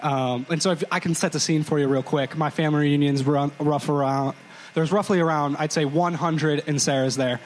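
A man's voice: a little high, fairly even intonation, normal speed, slight background noise, poor audio. A young man co-hosting a live podcast show, telling a childhood story with joking asides and careful scene-setting. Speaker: podcast co-host. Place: live stage before a crowd.

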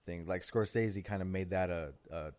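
Young male podcast co-host, deep voice, loose rambling delivery, swears. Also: moderate pace, darkish tone. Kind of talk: casual chat.

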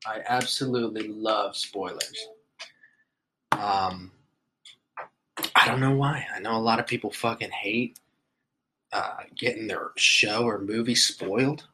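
Talking solo on his podcast, a man keeps things laid-back, jokey and profane, coughing now and then since he's just woken up. His voice is lowish and measured, with frequent pauses and background noise behind him.

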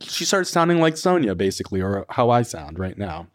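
A man co-hosting a podcast, casually recapping a show in an animated, rambling way with many fillers. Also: lowish voice, a little fast. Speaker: podcast co-host.

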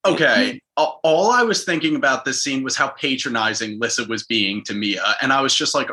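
A man co-hosting a podcast in casual chat, animated, mimicking quotes with big jumps in pitch. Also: fairly quick, few pauses. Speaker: podcast co-host.

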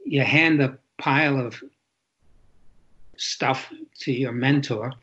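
Husky older man, reflective and halting. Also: mid-range voice, bright, forceful tone, dull audio. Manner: reflective, halting, repeats words. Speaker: author and interview guest. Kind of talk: candid conversational interview.

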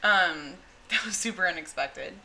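Lower-voiced woman podcaster, bright tone, chatty, a little faint noise behind. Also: animated, moderate pace, rough recording. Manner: chatty, swears casually, trails off and restarts. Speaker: podcast host. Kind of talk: casual chat.

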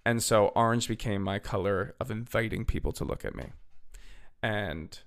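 A young man with a low, gravelly voice tells a story on his podcast in a loose, chatty way. He leans on "like" and "literally" as he goes, and his voice sounds a little worn and hoarse. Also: normal speed. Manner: chatty, filler-heavy, "literally" and "like". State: slightly hoarse, losing his voice. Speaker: podcast host. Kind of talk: casual storytelling.

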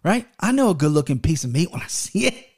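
A man's voice: fairly high pitch, sing-song, quick pace, darkish tone, breathy edge. A man in his thirties hosting a podcast, telling stories in a loose, rambling and profane way, with frequent restarts. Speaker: podcast host. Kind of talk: casual rambling podcast storytelling.

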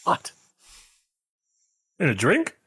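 A man co-hosting a casual podcast chat, reacting in a quick, animated way. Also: no room sound, clean studio sound. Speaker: podcast co-host.

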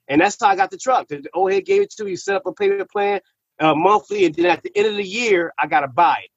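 Man, husky voice, animated slangy storytelling, repeats words, dry muffled sound. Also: high-pitched, fast, dry recording. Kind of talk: casual storytelling. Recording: slightly muffled recording.

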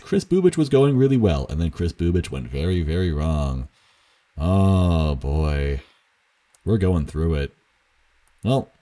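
A man's voice: deep voice, mellow. A young man talking through baseball news in a casual, rambling way, self-mocking, with many fillers and chuckles. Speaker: baseball commentator. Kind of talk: casual solo commentary.

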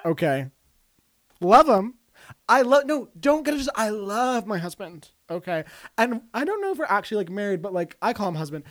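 A man putting on a self-absorbed film actress who gushes and swoops through a wide, lively pitch range, gossiping and then turning touchy. Her voice sounds close and dry, as if recorded over an online call, with no room around it. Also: moderate pace, dry recording. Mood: gossipy. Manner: gossipy, over-the-top, defensive. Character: vain, dramatic female film star. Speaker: comedy podcast guest. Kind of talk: improvised comedy impression.

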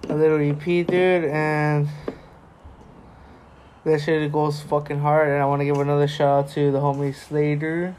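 A young man hosts a loose podcast with friends. He talks crudely and loudly, joking and swearing throughout. A faint hiss of noise sits under his voice. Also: a little high, little pitch movement, moderate pace. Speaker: podcast host. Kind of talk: casual chat.

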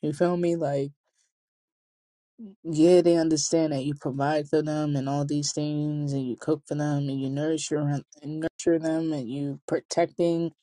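Young woman vlogging, laid back slangy storytime, warm tone, laughs a lot. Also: sits low, little pitch movement, unhurried, no room sound. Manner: chatty, slangy, laughs often. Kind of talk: casual storytelling to camera.

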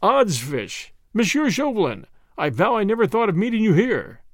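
A man's voice: high voice, big pitch swings, moderate pace, no room sound, studio quality, voice pushed up. A man voicing a jovial, foppish English nobleman in an audiobook, with a drawling, affected way of speaking.

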